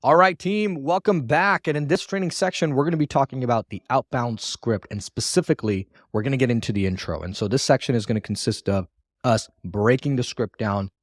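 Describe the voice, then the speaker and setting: A man's voice: medium pitch, fairly quick, no room sound. Dry-voiced male sales training coach. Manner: coaching tone, frequent "all right" and "right?" check-ins. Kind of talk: recorded training lecture.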